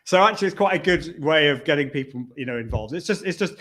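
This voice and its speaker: A man's voice: fairly high pitch, lively intonation, fast talker, a bit bright. A man hosting a live stream, chatting casually with a guest and reading out viewer comments. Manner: chatty, restarts, reads out comments. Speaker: host.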